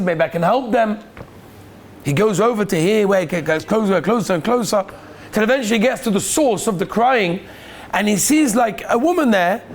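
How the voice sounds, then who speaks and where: A man, a rabbi in a yeshiva, telling a story in an animated way and mixing Hebrew and Yiddish words into his talk. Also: high-pitched, creaky, a little hiss or hum. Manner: animated storyteller, acts out the voices in his tale. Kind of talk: casual Torah talk with a story.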